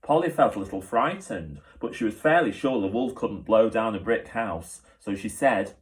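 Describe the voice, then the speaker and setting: A man, a teacher, reading a children's book aloud with steady, clear storytelling. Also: fairly low pitch, moderate pace, few pauses.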